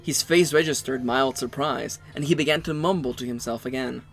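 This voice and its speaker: A man co-hosting a let's play, reading the game's narration aloud with quick joking asides. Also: mid-range voice, vocal fry, fairly bright tone, soft background music.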